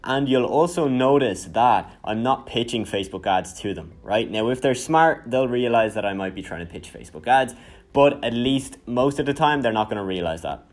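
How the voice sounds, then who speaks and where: Man in his 20s, from Ireland, casual energetic coach, conversational delivery. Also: mid-range voice, moderate pace. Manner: energetic, conversational, says "right?" often. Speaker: marketing coach. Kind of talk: casual instructional talk.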